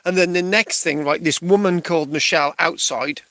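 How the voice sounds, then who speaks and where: Guy rambling thru a funny story, says "right?" every other line, kinda high voice, dry close sound. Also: fairly quick, pushed and bright, no room sound. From England. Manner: rambling, tags nearly every phrase with "right?", restarts often. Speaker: stand-up storyteller.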